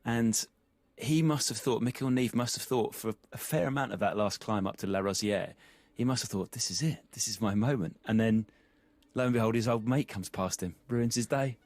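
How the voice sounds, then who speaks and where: A man with a low voice hosts a cycling podcast, recalling races and asking his guests curious, prompting questions. His voice is recorded close and dry, with no room sound. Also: normal speed, darkish tone, no room sound. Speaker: podcast host. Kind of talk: casual podcast chat.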